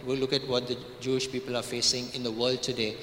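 A male preacher delivers his sermon with a bright, forceful voice. He leans hard on key words, stretching them out and repeating lines for weight. The sound rings in a large hall with long reverb and a faint hum of ambience. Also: mid-range voice, flat delivery, fast talker. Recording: echoey hall.

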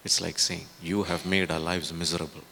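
A man's voice: low voice, level tone, brisk, gravelly, pushed and bright, a little hiss or hum. A man preaching a sermon in a conversational way, with many fillers and tag questions.

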